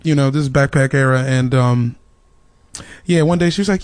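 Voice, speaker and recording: A man's voice: medium pitch, moderate pace, dry recording. A male stand-up comedian in casual chat, laid-back and slangy.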